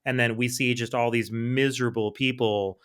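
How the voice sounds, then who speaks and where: A man with a bright, forward voice co-hosts a casual comics podcast. He recaps the story in long, rambling, enthusiastic runs full of fillers. His pitch sits at an ordinary middle height for a man. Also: steady tone, normal speed, clear, resonant tone. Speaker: podcast co-host.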